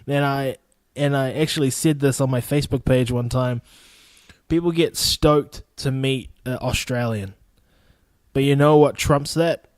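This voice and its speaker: A young man from New Zealand with a New Zealand accent, hosting a casual solo podcast in a blunt, profane way and mimicking people in high, excited voices. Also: a little slow, no room sound. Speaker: podcast host.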